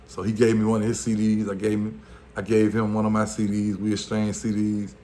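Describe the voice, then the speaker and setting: Louisiana man, low voice, rambling street storyteller, faint room hum. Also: flat delivery, a little fast, darkish tone. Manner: loose street slang, fillers, acts out quotes. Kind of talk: casual storytelling.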